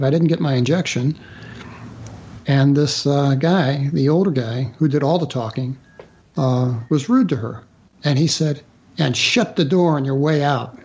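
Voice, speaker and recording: As a guest author on a radio interview, a man recounts a personal story, halting along with fillers and restarts. His medium-pitched voice sounds mellow, and the audio is lo-fi.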